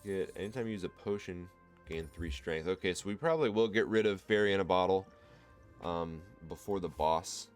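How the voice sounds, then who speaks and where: A man with a Midwestern accent, casually commenting on his own card game run and thinking out loud to viewers. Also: sits low, a little fast, faint music behind. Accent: American Midwest. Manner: thinks aloud, explains card choices to viewers. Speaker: gameplay commentator. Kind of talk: relaxed let's-play commentary.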